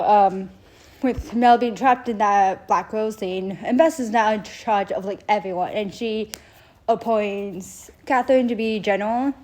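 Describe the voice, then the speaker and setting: A woman's voice: mid-range voice, a little mellow. Rambling young woman recapping a show. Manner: rambling, heavy "like" fillers, acts out characters' lines. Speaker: show reviewer. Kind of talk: casual recap chat.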